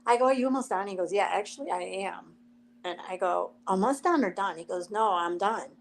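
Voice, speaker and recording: A woman chatting casually on a live stream, telling a story with lively acted-out quotes and frequent laughter. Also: medium pitch, brisk, poor audio. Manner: animated storyteller, acts out quotes, laughs often.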